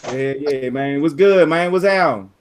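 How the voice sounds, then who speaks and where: A man's voice: on the high side, a little hiss or hum. A man on a casual gaming podcast, rambling and joking around. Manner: rambling, jokey, laughing. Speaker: podcast co-host.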